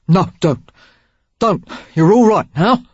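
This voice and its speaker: A gruff, rakish gentleman, as a woman narrator puts him on, speaking in short, clipped, soothing phrases. The voice is husky and the pitch moves a lot. The sound is muffled and dry. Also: animated, slow pace, dry recording. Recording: dull, dry audiobook recording.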